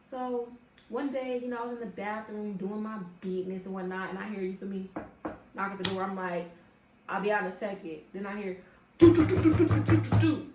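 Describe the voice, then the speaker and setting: A young woman telling a storytime vlog in a casual, animated, profane way, talking straight to her viewers. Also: medium pitch, a little fast, heavy background noise. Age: young adult. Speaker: vlogger. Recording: echoey room with faint ambience.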